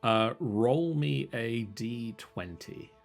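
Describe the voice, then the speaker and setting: A man's voice: medium pitch, very slow, gravelly, faint music behind. A man narrating a tabletop game as game master, describing scenes in a rambling way with fillers.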